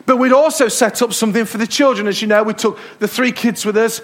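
An English man preaching from the pulpit with a high-pitched voice. He tells stories in a lively way and hammers home his points by repeating them. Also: quick pace. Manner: storytelling, emphatic repetitions. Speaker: pastor. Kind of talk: sermon. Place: church hall.

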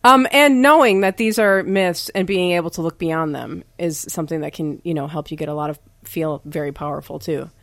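A woman's voice: lowish voice, fairly bright tone, dry recording. Woman podcast host, dry close sound, affirming co-talker. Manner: affirming, quick to agree and chime in. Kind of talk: casual podcast chat.

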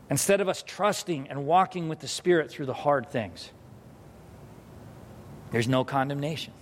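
A man preaching a sermon as pastor, telling a parenting story and acting out the scenes with lively energy. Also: sits high, normal speed, long pauses. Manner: animated storytelling, acts out scenes. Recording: hall reverb.

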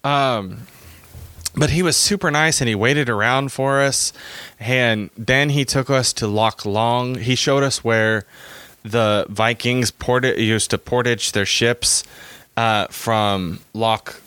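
A man's voice: mid-range voice, slow pace, pushed and bright, clear, resonant tone, dry recording. A man casually recounting a trip, rambling and quoting people he met along the way. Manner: rambling, retelling a trip with quoted dialogue. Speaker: trip storyteller. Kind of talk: casual chat.

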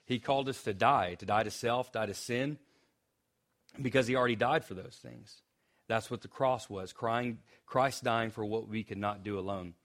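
A man's voice: lowish voice, normal speed, a bit bright. A young man preaching a sermon as pastor, speaking conversationally with restarts and joking asides.

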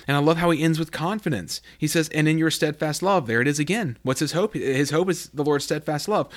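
A man's voice: on the high side, fairly quick, few pauses. A man giving informal devotional teaching, talking casually with fillers and reading scripture aloud with rising emphasis. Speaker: preacher.

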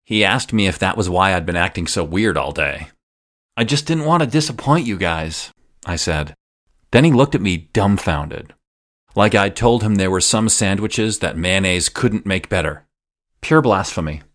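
A young adult man telling a personal story in a reflective, measured first-person way. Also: low-pitched, fairly bright tone.

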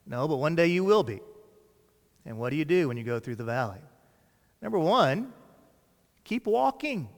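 A man preaching a sermon, slow and dramatic, dropping to soft lines and rising for emphasis. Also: medium pitch, animated. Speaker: pastor. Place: large church hall. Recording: reverberant church hall.

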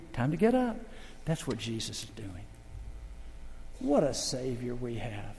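An older man preaching a sermon as the pastor, telling stories dramatically and swinging between loud and hushed. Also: high voice, big-room sound.

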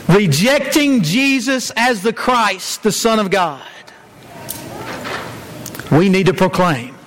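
A man preaching a sermon as pastor, earnest, dropping low and slow to stress key lines. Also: a bit bright, a little hiss or hum.

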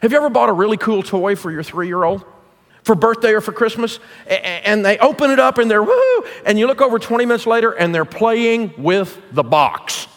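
A man's voice: high voice, brisk, fairly bright tone. A middle-aged man preaching as a guest speaker to a church congregation, folksy, punchy and jokey. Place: church auditorium. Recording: long reverb of a large hall.

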